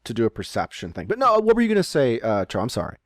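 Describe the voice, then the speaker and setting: A man's voice: medium pitch, wildly swooping pitch, fast talker, dry recording, studio quality. A man narrating as game master of a tabletop game over a remote call, rambling with many fillers and restarts. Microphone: remote call microphone.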